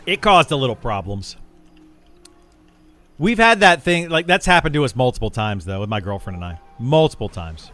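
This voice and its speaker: A man's voice: mid-range voice, sing-song, moderate pace, fairly bright tone. A man streaming live, chatting casually and rambling, often repeating words and restarting sentences as he explains himself to his chat. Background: faint music.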